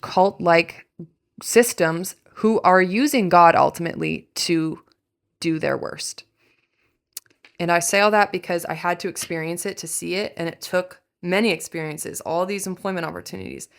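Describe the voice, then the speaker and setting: A young adult woman hosting a podcast, speaking candidly in a deep voice that frays into fry, blunt and swearing freely with wry asides. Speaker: podcast host. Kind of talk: candid personal monologue.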